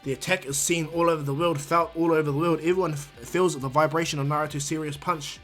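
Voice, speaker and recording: A YouTube storyteller with a fairly high, slightly bright male voice talks fast with fairly even intonation. He casually narrates a fan-made anime story for his channel, rambling, restarting words, and tossing in "you know." Soft music plays in the background.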